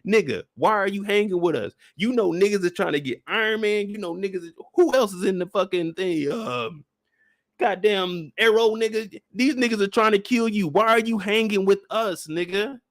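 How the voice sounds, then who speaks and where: A man delivering an animated, profane, exasperated comedic rant. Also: high-pitched, normal speed, no room sound, studio quality.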